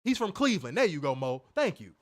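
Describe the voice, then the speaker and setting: A man's voice: fairly high pitch, fast. A man co-hosting a wrestling review show, ranting casually with frequent swearing and mimicked voices. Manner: animated, swears freely, mimics voices, laughs loudly. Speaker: podcast co-host reviewing wrestling. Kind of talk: casual profane commentary.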